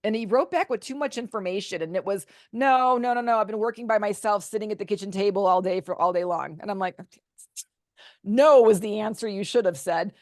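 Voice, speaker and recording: A woman author talks fast with hardly any pauses, her voice medium in pitch, while recounting a personal story as a podcast guest. She is candid and animated, acting out quotes as she goes, in studio-quality sound with no echo.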